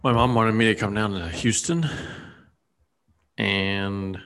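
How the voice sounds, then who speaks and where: A man's voice: lowish voice, steady tone, slow, fairly bright tone. A man in casual chat, rambling with lots of fillers and restarts.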